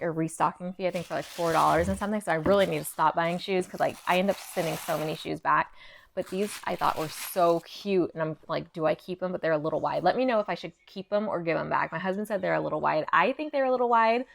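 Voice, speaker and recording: A young fashion vlogger talks casually through a thrift haul in a creaky voice on the low side. She sounds a little out of breath and fills her speech with "like."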